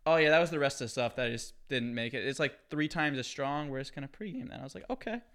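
A man's voice: medium pitch, fast, fairly bright tone, clear, resonant tone. A young man in his twenties, a guest telling wry, self-deprecating stories in casual chat.

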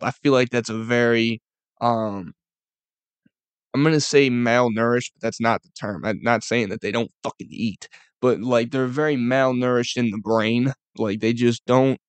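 Twenties male podcast host, ranting monologue, heavy swearing, mid pitch, dead-dry sound. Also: dry recording. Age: 20s. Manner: profane, ranting, rambling. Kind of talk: casual monologue.

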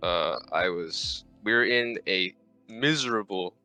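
Bright-toned young man telling a rambling story. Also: sits low, measured pace, faint music behind. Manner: rambling, self-mocking, swears often. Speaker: podcast guest. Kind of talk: casual storytelling chat. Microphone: voice call.

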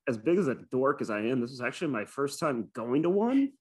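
A man's voice: medium pitch, sing-song, brisk, darkish tone, husky. Man, podcast co-host, casual chat, rambling, lots of "like" and "uh". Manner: rambling, filler-heavy storytelling.

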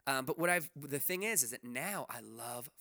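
A man's voice: mid-range voice, lively intonation, normal speed, vocal fry, pushed and bright, no echo, studio quality. A man co-hosting a podcast in casual chat, rambling with lots of fillers and restarts and swearing freely. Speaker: podcast co-host.

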